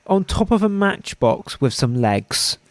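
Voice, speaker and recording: A man's voice: high voice, sing-song, a loud crowd. A man co-hosting a podcast, chatting playfully and teasingly about a TV serial. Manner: playful, teasing, quick interjections. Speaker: podcast co-host. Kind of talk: casual chat reviewing a TV serial.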